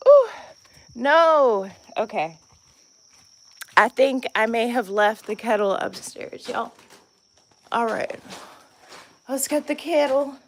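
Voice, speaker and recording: A woman with a high voice hosts a casual live vlog from her off-grid homestead. She talks slowly and chattily to her viewers, calling them y'all as she walks around the cabin with the camera. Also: lively intonation, slight background noise. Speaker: vlogger, homestead channel co-host.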